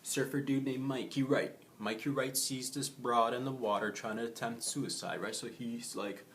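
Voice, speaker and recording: A man's voice: medium pitch, fairly even intonation, moderate pace, a bit bright, a little hiss or hum. A young man hosting a comedy show, telling a brash, jokey monologue and calling his audience bros.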